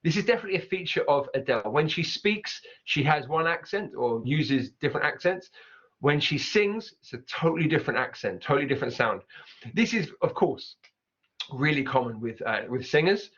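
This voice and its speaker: A man teaching an online English pronunciation lesson, upbeat, repeating example words slowly to show how they sound. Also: on the high side, lively intonation, fairly bright tone, husky, highs cut off.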